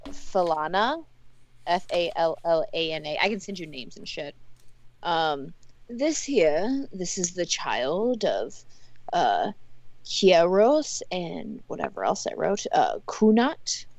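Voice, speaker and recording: A woman narrates a tabletop game in a lowish voice, pausing often with fillers. The sound is dry and close, with no room around it. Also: no echo. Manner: hesitant, many fillers. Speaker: game master.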